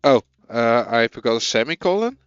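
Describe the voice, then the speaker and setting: A man's voice: mid-range voice, sing-song, normal speed, clean tone, dry recording, dull audio. A man with a Dutch accent, a native Dutch speaker, thinking aloud as he codes and chatting with viewers on a casual live stream.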